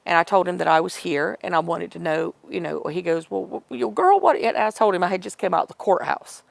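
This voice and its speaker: A woman's voice: lowish voice, steady tone, fast, gravelly, no echo. A middle-aged woman telling a personal story in an interview, rambling and correcting herself as she retells old conversations.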